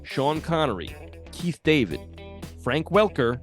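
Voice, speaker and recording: A man's voice: fairly high pitch, very animated, measured pace, faint music behind. A man co-hosting a podcast, chatting casually, joking, laughing often and swearing. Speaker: podcast co-host. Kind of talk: casual chat.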